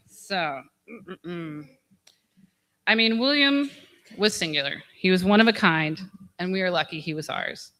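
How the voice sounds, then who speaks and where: A woman's voice: lowish voice, sharp tone. A woman giving a memorial speech, telling funny stories, laughing often and swearing candidly. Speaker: eulogy speaker. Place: memorial gathering.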